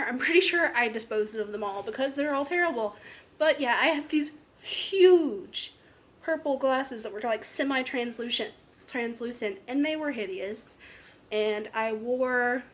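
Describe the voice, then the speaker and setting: Young woman vlogger, casual and candid, a touch high-pitched. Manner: chatty and candid, with frequent fillers and asides. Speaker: book vlogger. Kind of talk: casual chat answering tag questions.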